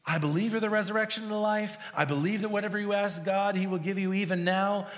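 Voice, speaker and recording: A man's voice: high-pitched, steady tone, fast, pitched above the performer's own voice, lightly acted. Guy putting on a worried sister voice, pleading, big echoey room. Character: worried grown woman, grieving sister. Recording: long reverb of a hall.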